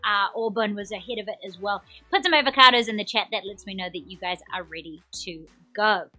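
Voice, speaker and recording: A woman's voice: medium pitch, brisk, sharp tone, soft background music. A young adult woman from New Zealand with a New Zealand accent, hosting a live trivia quiz in an upbeat, chatty way and reading out viewer comments. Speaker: quiz show host.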